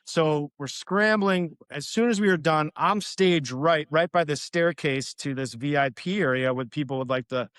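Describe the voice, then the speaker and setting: A man's voice: a little high, normal speed, hardly any pauses, a bit bright, clear, resonant tone, no echo, clean studio sound. A man, a guest musician, telling a story casually with lots of fillers, laughing as he goes.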